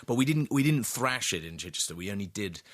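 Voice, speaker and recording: Low-voiced actor, rambling thoughtfully. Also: male voice, expressive, fast. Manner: thoughtful, rambling with many restarts. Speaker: actor, interview guest. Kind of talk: casual radio interview.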